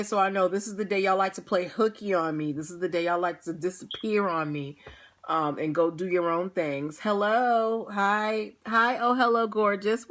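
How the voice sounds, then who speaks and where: A young woman hosting a livestream, chatting casually with viewers, tired and laughing often. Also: mid-range voice. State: tired, yawning. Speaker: livestream host. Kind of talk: casual pre-show chat to viewers.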